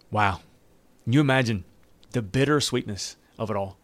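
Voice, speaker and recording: A man's voice: fairly low pitch, normal speed, pauses often, no room sound. A man preaching a sermon, reading scripture aloud and breaking in with joking asides. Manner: animated, joking asides with laughs. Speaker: pastor.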